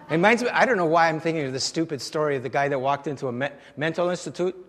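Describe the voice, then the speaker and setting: Guy with a high voice giving a sermon, chatty storyteller, chuckles a lot, long hall echo. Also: quick pace, hardly any pauses. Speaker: pastor.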